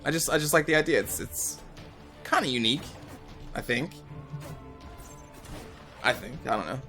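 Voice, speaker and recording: A man's voice: medium pitch, lively intonation, moderate pace, over music. A young man rambling casually as a gaming channel host, talking over his gameplay with lots of fillers and the odd swear word.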